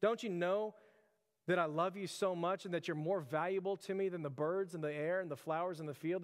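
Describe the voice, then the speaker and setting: A man in his thirties preaching a conversational sermon, earnest and informal, often calling his listeners "church". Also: fairly high pitch. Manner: earnest, repeatedly addresses listeners as "church", filler "like". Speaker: pastor. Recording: long hall reverb.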